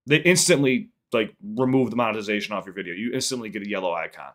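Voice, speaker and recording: A man's voice: on the low side, quick pace, few pauses, fairly bright tone. A young adult man from the Chicago area, hosting a casual live-stream podcast and reading out chat questions in a loose, profane, rambling way.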